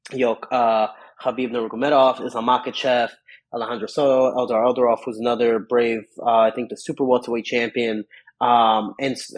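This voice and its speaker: A young man from Chicago talks through his story in a husky, mid-range voice. He rambles eagerly and acts out other people's lines as he goes. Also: medium pitch, poor audio. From Chicago, USA. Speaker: MMA fighter, podcast guest. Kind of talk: casual interview storytelling.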